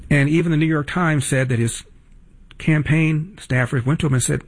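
A man's voice: on the high side, moderate pace. A man hosting talk radio, delivering indignant, mocking commentary.

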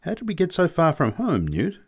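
A man reading a story aloud and voicing a proud, quick-tempered young woman with a raised voice. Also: fairly high pitch, wildly swooping pitch, husky, voice pushed up, heavily acted. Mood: wistful.

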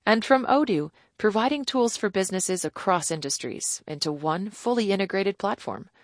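A woman announcer reading sponsor credits in a crisp, even way. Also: medium pitch, normal speed, no echo, clean studio sound.

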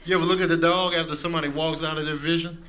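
A man doing a stand-up comedy set with a laid-back, drawling delivery and low asides. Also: flat delivery, rapid-fire. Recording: noisy live club recording.

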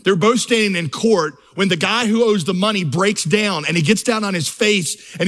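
A middle-aged man delivers a sermon as pastor, with a voice that sits a little high. He tells stories in a relaxed way and then climbs into fervent, rising lists. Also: moderate pace, hardly any pauses. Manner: storytelling, building to fervent crescendos.

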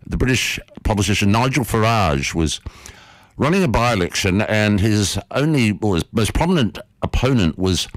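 A man hosting a radio show, telling a story in a lively, animated way from a studio. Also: lowish voice, normal speed, no room sound, poor audio. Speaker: radio host.

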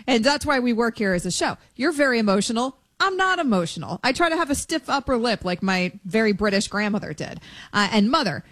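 Woman co-host for sports talk radio, slightly high voice, dry studio sound, chatty and emphatic. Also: sing-song, brisk, a bit bright, no room sound. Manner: chatty, emphatic, self-mocking. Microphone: studio microphone.

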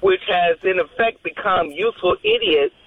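A woman's voice: fairly low pitch, wildly swooping pitch, moderate pace, husky, dry recording. Woman rambling on a tinny phone line. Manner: rambling, loses her train of thought. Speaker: radio show caller. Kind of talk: call-in phone conversation.

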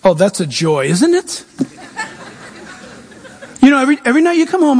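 A man's voice: extremely high pitch, sing-song, normal speed, a little mellow. A male pastor preaching a sermon emphatically, mixing humor with scripture. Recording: long echoing reverb of a large hall.

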